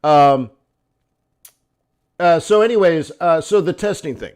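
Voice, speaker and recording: Man, forex live-stream host, casual rambling chat, fairly high voice, laughs a lot. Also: animated, unhurried, a little mellow, smooth. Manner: chatty, laughs often, fillers and restarts.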